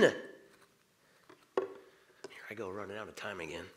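A man preaching a sermon, animated, swinging from loud exclamations to soft, quiet passages. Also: sits low, unhurried, pauses often, a little hiss or hum.

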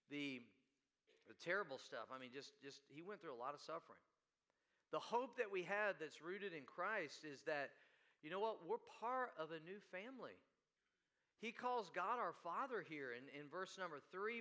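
A man preaching a sermon, telling a story and swinging from hushed asides to loud, emphatic preaching. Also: on the high side. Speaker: pastor.

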